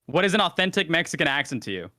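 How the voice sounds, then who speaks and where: Rapid-fire bright-voiced man arguing. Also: a little high, sing-song, dry recording, studio quality. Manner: rapid, argumentative, rambling. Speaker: debater, YouTuber. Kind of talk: casual online debate.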